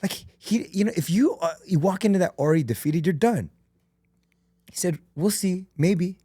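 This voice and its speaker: Earnest man with a slightly high voice. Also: a little fast, slightly rough, no echo, studio quality. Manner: earnest, animated storytelling. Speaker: podcast guest, entrepreneur. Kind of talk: emotional, candid conversation.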